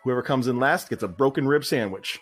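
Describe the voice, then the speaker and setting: A man playing a blustering, loud male restaurant boss in a comedic scene reading, bullying and rhyming taunts at a waiter. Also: mid-range voice, fairly quick, faint music behind, natural voice.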